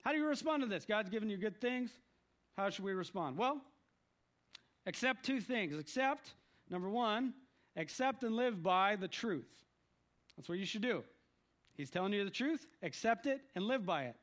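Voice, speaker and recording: A man from the United States preaching a lively sermon, with emphatic lists and short quoted voices. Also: high-pitched, moderate pace.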